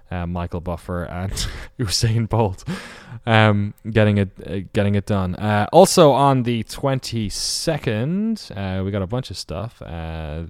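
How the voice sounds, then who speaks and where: A man talks through a solo podcast off the cuff, rambling and swearing and catching his own slips as he goes. His voice sits a little low. The sound is close and dry, with no room around it. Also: a little mellow, smooth, dry recording. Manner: rambling, off-the-cuff, swears, corrects himself often. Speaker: podcast host.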